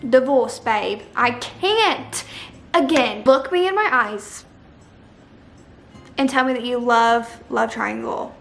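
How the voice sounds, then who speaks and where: A woman's voice: a little high, slow pace, gravelly, pauses often, soft background music. A young woman vlogger chatting casually about books, opinionated and dramatic, with playful emphasis. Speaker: book vlogger. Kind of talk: casual chat. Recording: echoey room with faint noise.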